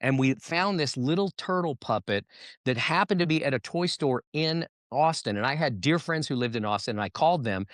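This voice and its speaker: A man spins stories in an easy, animated way, now and then dropping into playful character voices. His voice sits at an ordinary middle pitch. The sound is dry and close, with no room around it. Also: brisk, dry recording. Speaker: guest entertainer. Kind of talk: casual interview chat.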